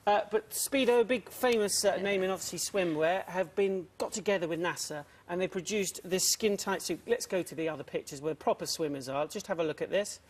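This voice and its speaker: A man's voice: sits high, brisk, few pauses. A young man presenting a live breakfast TV sports bulletin, self-mocking and chatty, a little out of breath.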